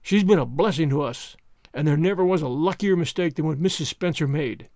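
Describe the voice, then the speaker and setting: A man voicing a shy, proud older farmer who mutters in a low, folksy way. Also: brisk, a little mellow, no room sound, clean studio sound, natural voice. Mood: proud, muttering.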